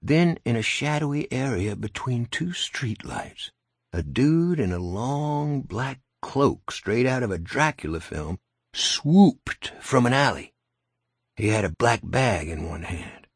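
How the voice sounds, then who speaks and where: A man's voice: medium pitch, very animated, takes it slowly, slightly rough, dry recording. A man narrating an audiobook in a dry, wry storytelling manner, close to the mic. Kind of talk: scripted narration.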